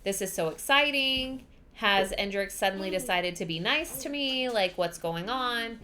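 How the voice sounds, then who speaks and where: A woman voicing an emotional, excitable young heroine in a high, pleading, frantic voice. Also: unhurried. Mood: excited.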